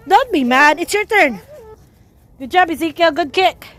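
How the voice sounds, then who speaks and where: A woman's voice: high voice, lively intonation, moderate pace, a bit bright. A young woman with a Filipino Cebuano accent, a mother cheering and laughing as she plays ball outdoors with her kids. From Philippines. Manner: cheering, laughing, playful with children. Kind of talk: casual family vlog.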